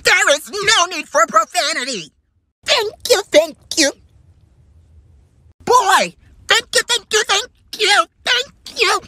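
A woman's voice: very high-pitched, expressive, slow pace, pauses often, sharp tone, dry recording, exaggerated voice. A performer playing a bossy mother scolding her kids in a car, in a comedy skit.

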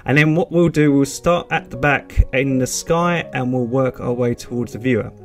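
A man's voice: medium pitch, normal speed, soft background music. A British man giving a step-by-step painting tutorial, chatty and encouraging, with reassurances he repeats often.

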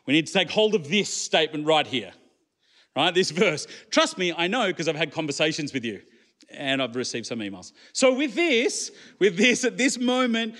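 A man's voice: high voice, a bit bright. A man preaching a sermon in church, conversational and full of rhetorical questions to the congregation. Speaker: pastor.

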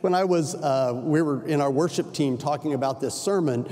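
A man's voice: a little high, normal speed, a little mellow. An older male pastor preaching a sermon in a conversational storytelling style, with chatty self-correcting asides. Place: large church sanctuary. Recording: reverberant church sanctuary.

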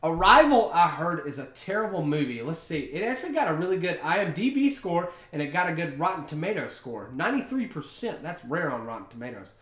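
A man's voice: fairly high pitch, very animated, brisk, few pauses, a bit bright. A young man hosting a podcast, chatting in a rambling, offhand way over a beer. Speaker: podcast host. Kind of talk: casual chat. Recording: roomy echo.

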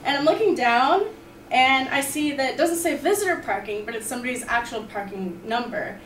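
Young woman, kinda high voice, chatty upbeat storytelling, lots of like and you know, echoey room, mic far off. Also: animated, brisk, fairly bright tone, a little hiss or hum. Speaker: student storyteller. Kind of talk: personal story told to a class.

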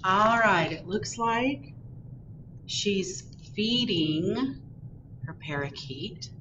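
A woman who is a children's librarian, reading a picture book aloud in an animated, sing-song way for a virtual storytime. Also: mid-range voice, extremely slow. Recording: distant, dull recording with loud background hiss.

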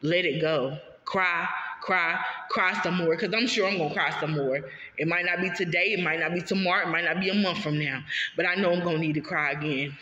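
A woman pours out a heartfelt personal monologue, emphatic and repetitive, talking straight to her audience. Her voice is bright and forceful. The recording sounds dull and lo-fi, with a long echo from the room around her. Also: lowish voice, fast talker. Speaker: vlogger sharing her story.

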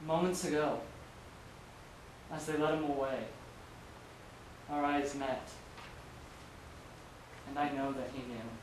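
A man's voice: a little high, steady tone, slow, pauses often. Guilt-ridden apostle, played by a man, anguished, heard from far off in a reverberant room. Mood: remorseful. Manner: anguished, self-questioning. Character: remorseful male apostle, a friend who denied his master. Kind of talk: stage play monologue. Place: school hall. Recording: distant echoey hall with hiss.

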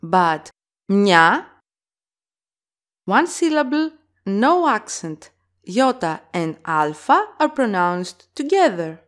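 A woman teaching a language lesson, explaining slowly and carefully, with example words sounded out clearly. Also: medium pitch, sing-song.

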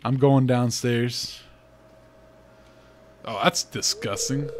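A man's voice: mid-range voice, fairly even intonation, slow, pauses often, slight background noise. A man giving casual gameplay commentary as host, full of joking, sarcastic asides, recorded at home. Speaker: let's play host.

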